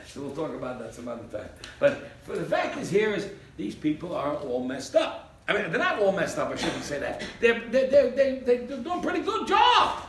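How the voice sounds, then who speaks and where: Animated rabbi in an echoey room. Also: male voice, high-pitched, normal speed, hardly any pauses. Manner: animated, acts out little scenes with put-on voices and laughs. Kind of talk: Torah class. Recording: echoey room, mic at a distance, faint background hiss.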